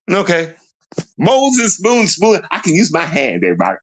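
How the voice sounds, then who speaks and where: A man's voice: high voice, wildly swooping pitch, normal speed, breathy edge. A young man ranting on a casual livestream, mocking and repetitive as he talks to his chat.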